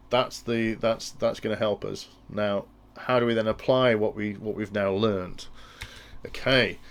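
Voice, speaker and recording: In a technical tutorial, a man with a lowish, gravelly voice explains industrial control logic, reasoning out loud and often starting his sentences over.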